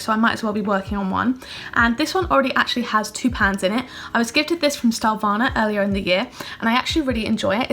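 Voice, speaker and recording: A woman's voice: a little high, fairly bright tone. A young woman in her twenties chatting casually about her makeup in her bedroom, upbeat and full of fillers, recorded on her phone. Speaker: beauty vlogger. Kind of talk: casual chatty product review. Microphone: phone camera.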